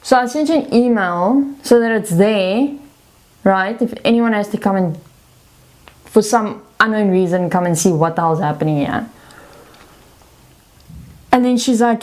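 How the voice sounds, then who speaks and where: A young woman vlogger casually telling a story, retelling a frustrating job with animated energy. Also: medium pitch, normal speed, long pauses.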